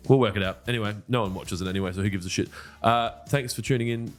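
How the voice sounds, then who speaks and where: A man's voice: fairly low pitch, fast talker, faint music behind. A man co-hosting a casual podcast, joking and swearing freely. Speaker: podcast co-host. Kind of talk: casual banter.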